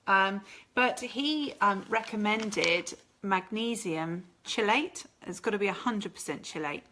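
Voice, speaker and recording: A woman's voice: medium pitch, a little slow, pushed and bright, slight background noise. A woman with a chatty, rambling manner, hosting a casual live stream and answering viewer comments. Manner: chatty and rambling, laughs often.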